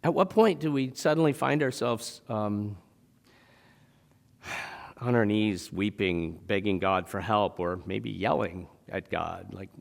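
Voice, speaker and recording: A man's voice: fairly low pitch, slow pace, gravelly, big-room sound. A man preaching a sermon in a church, talking conversationally and asking the congregation rhetorical questions. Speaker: pastor. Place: church sanctuary.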